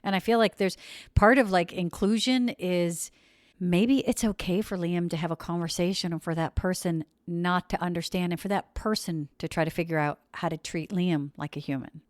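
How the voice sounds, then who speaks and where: A woman's voice: lowish voice, steady tone, normal speed, dry recording, clean studio sound. A woman podcast host and parent asking heartfelt, searching questions in an earnest way. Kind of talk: podcast interview.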